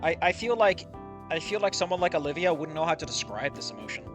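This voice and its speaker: A man's voice: fairly high pitch, sing-song, fast talker, music in the background. A man with a nasal voice on a headset mic, reading a fanfic aloud and breaking off to rant about it, rambling, profane and opinionated. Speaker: fanfic reader and commentator.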